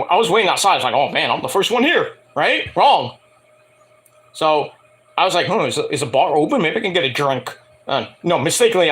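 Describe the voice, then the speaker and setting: A man rambling casually to camera, swearing freely and acting out quoted people in higher voices. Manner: animated, profane, acts out quotes in higher voices. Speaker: wrestling and music vlogger.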